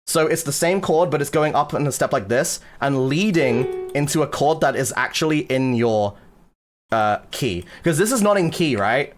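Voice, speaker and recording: Young-sounding male streamer explaining music theory, loose and crude, slightly high-pitched. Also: expressive, normal speed. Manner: joking, crude and swearing, filler-heavy. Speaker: streamer teaching music production. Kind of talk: casual livestream chat.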